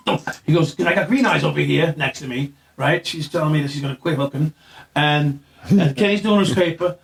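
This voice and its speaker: A male guest spins a long tale in casual conversation, swearing and laughing along the way and raising his voice to act out quoted lines. He speaks fairly quickly in a fairly high, creaky voice, picked up by a distant mic.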